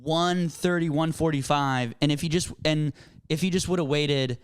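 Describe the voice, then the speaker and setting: A young man with a high, bright-pitched voice tells a workplace story in loose, profane podcast chatter. He acts out each person in it with quick voices. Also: clear, resonant tone. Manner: animated, profane, acts out quoted people. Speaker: podcast co-host. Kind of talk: casual comedic storytelling.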